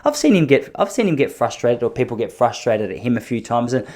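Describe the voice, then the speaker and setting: Fast-talking Australian man telling stories. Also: mid-range voice, very animated, a little mellow. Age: 30s. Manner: rambling, self-deprecating, jokey anecdotes. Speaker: podcast host. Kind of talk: casual solo storytelling.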